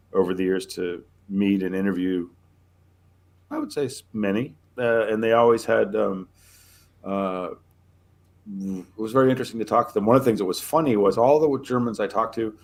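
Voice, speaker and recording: A man co-hosting a history podcast, relating interview anecdotes in a relaxed, storytelling way. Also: fairly low pitch. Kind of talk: casual conversational storytelling.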